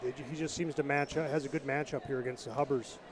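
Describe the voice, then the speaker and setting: A man's voice: mid-range voice, steady tone, fast talker, crowd noise. A man doing color commentary at a basketball game, out of breath and breathing heavily into the mic.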